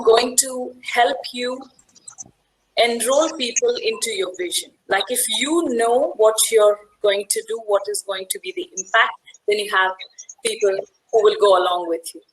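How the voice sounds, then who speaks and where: A woman's voice: a little high, rough recording. A woman leading a networking workshop, who talks conversationally, tells stories and often checks in with "right?". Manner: briefly acts out the voices of people in her story. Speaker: workshop facilitator. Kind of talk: workshop talk with storytelling.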